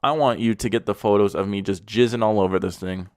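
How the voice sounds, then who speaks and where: A man voicing an impatient, crude young male car seller in a pushy, excited tone. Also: on the low side, fast talker, clean tone, dry recording, clean studio sound, close to an everyday voice.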